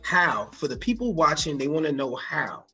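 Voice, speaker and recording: A man's voice: a little high, sing-song, normal speed, creaky, pushed and bright, breathy edge, faint music behind. A man hosting an interview, asking earnest, emphatic questions. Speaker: interview host.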